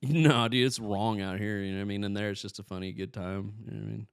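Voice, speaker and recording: A young comedian appears as a guest on a casual podcast, telling stories animatedly and acting out other people's lines. His lowish voice is quick and smooth, with studio-quality sound and no room noise.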